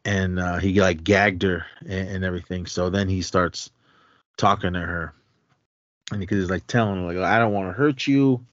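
A man co-hosting a podcast, retelling a film scene in a rambling, halting way with many fillers. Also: low voice, flat delivery, fairly bright tone, dry recording, muffled recording. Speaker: podcast co-host. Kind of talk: casual film recap.

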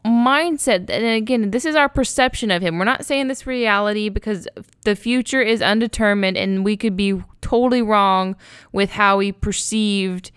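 Woman podcast co-host, casual chat, smooth clear voice, dry close sound. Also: medium pitch, dry recording. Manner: chatty, laughs often, quick asides. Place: Houston-based podcast.

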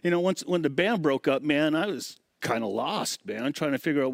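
A middle-aged man telling stories in a casual interview, lively and fond of acting out the voices of people in his stories. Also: fairly high pitch, normal speed, vocal fry, no room sound. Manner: animated storyteller acting out quoted voices. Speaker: guest, former drum tech.

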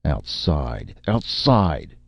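A man shouting as a blustering pompous film director. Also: extremely low pitch, very animated, normal speed, gravelly, dry recording, exaggerated voice. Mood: roaring. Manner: shouting, theatrical, self-important.

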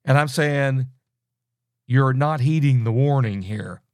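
A man's voice: medium pitch, slow pace, darkish tone, no echo. A middle-aged man teaching a sermon, earnest and scolding, often restarting his sentences. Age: middle-aged or older. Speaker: preacher.

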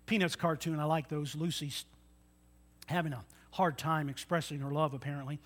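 Guy preaching a sermon, high bright voice, keeps asking the crowd questions. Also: fairly even intonation, normal speed. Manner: asks the congregation questions, folksy and earnest. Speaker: pastor.

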